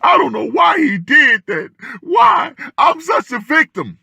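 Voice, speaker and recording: A man putting on a mocking falsetto to voice a whiny ex-wife crying fake tears. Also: very animated, a little slow, vocal fry, bright, forceful tone, no room sound, exaggerated voice. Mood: mocking wail.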